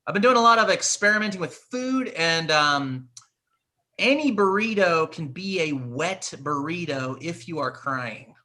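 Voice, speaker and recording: Male comedian guest, lively animated delivery, crude self-mocking jokes. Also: a little high, measured pace. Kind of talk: stand-up bits on a live show.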